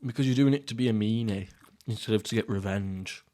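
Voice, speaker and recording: A young man from England hosting a casual solo podcast while eating, rambling through jokey, crude, deadpan stories. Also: lowish voice, a little fast. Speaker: podcast host. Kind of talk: casual solo mukbang chat.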